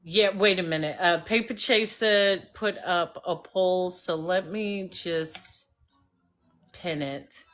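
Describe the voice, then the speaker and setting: Animated woman telling a story on a live stream. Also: lowish voice, takes it slowly. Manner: animated storyteller who acts out voices. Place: home by a fireplace.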